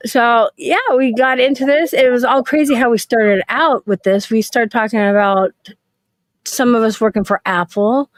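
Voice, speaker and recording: A woman hosting a casual video-call chat, talking in a quick, chatty way with fillers. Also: on the high side, dry recording. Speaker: livestream host.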